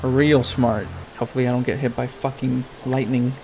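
A man's voice: mid-range voice, flat delivery, moderate pace, gravelly, warm tone, slight background noise. A man giving crude, profane Let's Play commentary, ranting at and scolding his game character. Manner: swears constantly, talks to his game character. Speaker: gaming YouTuber.

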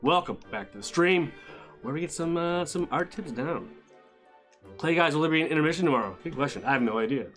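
A man's voice: fairly high pitch, animated, brisk, a bit bright, faint music behind. A man hosting a live drawing stream, chatting casually while he sketches, upbeat and rambling, repeating phrases and greeting viewers.

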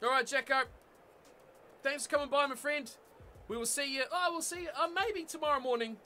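Young NZ male streamer, very high, crisp voice, excitable live commentary. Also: normal speed, soft background music. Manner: chatty, excitable outbursts, frequent laughs. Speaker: game streamer. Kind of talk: live gameplay commentary and chat with viewers.

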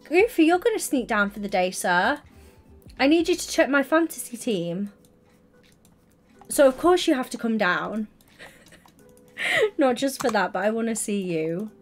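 A young woman chatting casually on a live stream. She talks in a gushing, excitable way and breaks into sudden high squeals. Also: moderate pace, faint music behind. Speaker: livestreamer.

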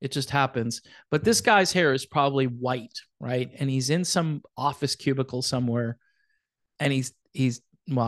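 A man's voice: medium pitch, no echo. A man hosting a casual commentary show, talking in a sarcastic, mocking way. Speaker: host.

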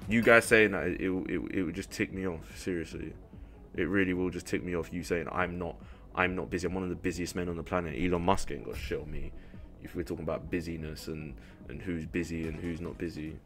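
A young man rants to his livestream chat, swearing freely and sounding fed up. His voice is low-pitched but bright and forceful, with faint music playing behind him. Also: steady tone, a little fast. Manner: irritated, profane ranting. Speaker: streamer.

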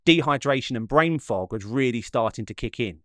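A man tells the story of his run in a calm, mid-pitched voice-over. The recording is close and dry with no room sound. His delivery is measured, with a slight dramatic lift. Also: no echo. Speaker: vlogger narrating his own run. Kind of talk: reflective voice-over narration.

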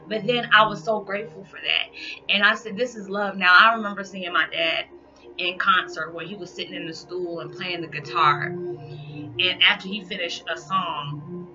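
A woman's voice: fairly low pitch, fairly even intonation, normal speed, pushed and bright. Woman, vlogger, heartfelt encouraging talk, spiritual, muffled lo-fi audio. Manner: earnest, encouraging, spiritual, says y'all often. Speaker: vlogger addressing viewers. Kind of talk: heartfelt casual talk to viewers. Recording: dull lo-fi sound with music behind.

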